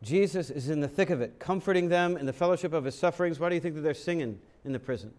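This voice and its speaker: A man's voice: fairly high pitch, fast talker, a little mellow. A man preaching a sermon, dramatic and full of rhetorical questions, sometimes acting out other voices. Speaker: pastor.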